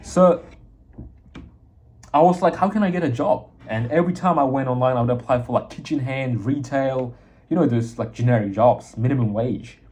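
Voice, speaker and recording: A man's voice: mid-range voice, normal speed, darkish tone. A young man hosting a podcast, giving blunt, slangy and emphatic motivational advice in a casual monologue. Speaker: podcast host.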